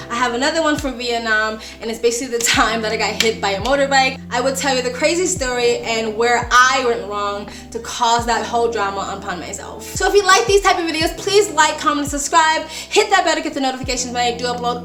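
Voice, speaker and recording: An animated woman vlogger tells a travel story in a casual way and acts out each scene. Her voice is high and bright, and it bounces around an echoey room.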